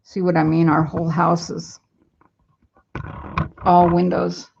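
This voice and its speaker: A woman's voice: lowish voice, level tone, takes it slowly, vocal fry, darkish tone, a little hiss or hum. A woman vlogging casually from her home into a computer webcam, rambling in a downcast way and reading viewer comments aloud. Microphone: computer webcam mic. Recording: dull lo-fi webcam audio.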